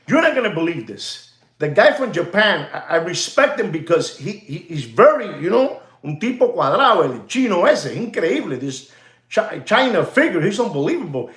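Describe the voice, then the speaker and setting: High-voiced man rambling on a livestream. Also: reverberant. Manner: rambling and repetitive, addresses "ladies and gentlemen", drops Spanish phrases. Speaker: watch market livestream host. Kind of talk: casual livestream monologue.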